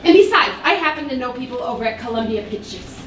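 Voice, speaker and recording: An actress playing a feisty sixteen-year-old daughter on a live stage, sarcastic and scornful with rapid outbursts. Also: female voice, on the high side, expressive, slight background noise, lightly acted. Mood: defiant. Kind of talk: live stage play acting. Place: theater stage. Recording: echoey stage from far off, faint ambience.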